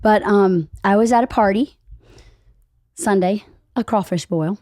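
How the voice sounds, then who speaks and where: A woman hosting a casual podcast, chatty and enthusiastic as she tells stories. Her voice is a little squeaky from a cold she is shaking off. It sits at a medium pitch and is recorded dry and close. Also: a little slow, warm tone, no echo. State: recovering from a cold. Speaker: podcast host. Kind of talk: casual chat.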